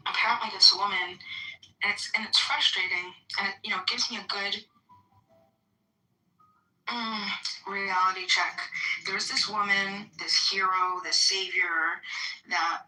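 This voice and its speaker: A woman on a phone line rambles along with lots of fillers, quick and bright-toned. The audio is echoey and she sounds far from the mic. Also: medium pitch, fairly even intonation. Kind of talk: casual chat.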